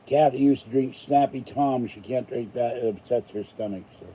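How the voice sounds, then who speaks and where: An older man from Pittsburgh hosts his own channel in a loose, rambling live chat. He sounds tired and grumbles in side remarks. His voice is very dark and mellow, with faint noise in the background. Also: mid-range voice, normal speed, poor audio. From Pittsburgh, USA. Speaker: channel host. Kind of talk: casual live stream sign-off chat.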